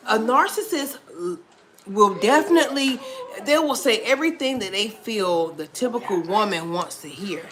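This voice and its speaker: A woman's voice: mid-range voice, pushed and bright. A woman chatting animatedly with her livestream viewers, laughing and calling them girl and y'all. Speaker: vlogger on a livestream.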